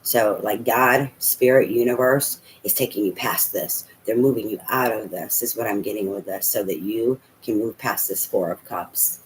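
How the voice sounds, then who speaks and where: A man's voice: fairly low pitch, normal speed, hardly any pauses, slight background noise, poor audio. A man giving a casual tarot reading, talking aloud to spirit and swearing now and then. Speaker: tarot reader.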